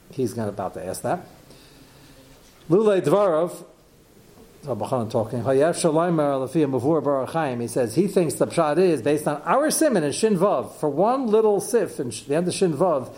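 Mellow-voiced man teaching Talmud. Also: medium pitch. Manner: thinks aloud, asks rhetorical questions, mixes Hebrew terms. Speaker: Torah teacher. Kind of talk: Talmud lecture.

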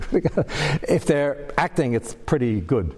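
A man gives a Torah class lecture in a mellow, relaxed voice. He is animated and leaps into a high pitch when he acts out quoted lines. His words carry a long reverb, as in a hall. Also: moderate pace. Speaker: Torah teacher.

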